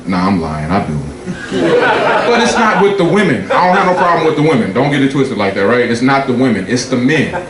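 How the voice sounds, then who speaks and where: A man doing a profane stand-up set, telling loose stories and jumping high in pitch for his punchlines. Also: sing-song, fairly quick. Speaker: stand-up comedian. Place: comedy club stage before a laughing audience. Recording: echoey club room with crowd noise.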